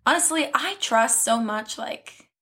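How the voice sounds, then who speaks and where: A woman's voice: fairly high pitch, expressive, measured pace, bright, forceful tone. A young woman co-hosting a podcast in casual chat, chatty and often laughing. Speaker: podcast co-host.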